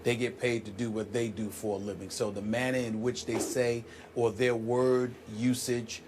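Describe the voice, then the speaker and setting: A man co-hosting a sports debate show in a TV studio, talking forcefully and building emphasis while a little under the weather. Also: medium pitch, little pitch movement, moderate pace, noisy background. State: sick, clears throat.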